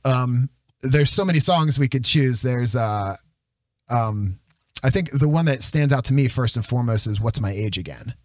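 A man's voice: medium pitch, expressive, moderate pace, dry recording, studio quality. A man hosting a casual podcast chat, talking loosely with fillers and asking questions. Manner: chatty, sings lines to illustrate. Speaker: podcast host.

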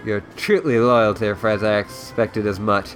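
A man voicing an arrogant young villain who talks in a slow, brash, theatrical way. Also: fairly low pitch, steady tone, faint music behind, pitched below the performer's own voice, lightly acted.

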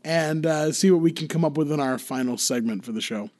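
A man's voice: fairly high pitch, fairly quick, a little mellow, soft background music. A man from Charleston with a Charleston Southern accent, hosting a podcast and joking while steering the chat along. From Charleston, South Carolina. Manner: joking, wrangling the show along. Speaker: podcast host. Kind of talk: casual chat.

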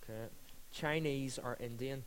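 Jokey host in a hall. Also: male voice, medium pitch, unhurried, clear, resonant tone. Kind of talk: hosting a panel Q and A. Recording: long reverb of a hall.

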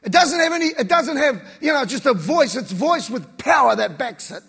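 High husky-voiced preacher in a reverberant hall. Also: male voice, normal speed. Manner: relaxed, slangy, conversational preaching. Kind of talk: casual sermon. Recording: long reverb of a large hall.

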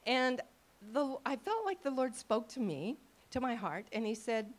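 Animated older woman teaching a congregation. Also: fairly high pitch, moderate pace. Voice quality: expressive, acts out quoted thoughts in lively voices. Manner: conversational, checks in with listeners. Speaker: ministry teacher. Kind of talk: teaching talk to a live audience.

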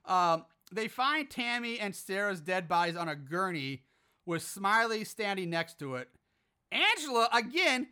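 Podcast host, male, bright voice, profane exasperated recap style. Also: high-pitched, animated, moderate pace, clean tone. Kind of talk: casual movie recap.

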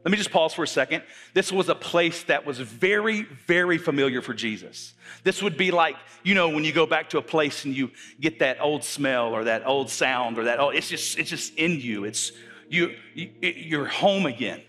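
A man's voice: fairly high pitch, normal speed, pushed and bright, long reverb tail, faint music behind. A man preaching to his congregation, often repeating his words and asking the audience questions. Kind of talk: sermon.

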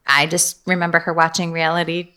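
A woman's voice: fairly low pitch, flat delivery, fairly quick, sharp tone, smooth. A woman raised in the United States, chatting casually as a podcast guest and telling stories with fillers and laughs.

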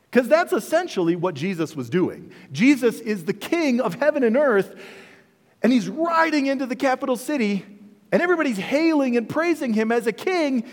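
A man preaching a sermon as pastor, telling the story with animated delivery and acting out bits of dialogue. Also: high voice. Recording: echoey hall with long reverb.

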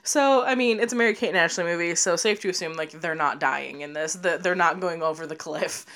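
A woman's voice: fairly low pitch, fairly quick, fairly bright tone. A woman co-hosting a podcast, casually recapping a movie, laughing often and swearing as she acts out lines. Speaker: podcast co-host.

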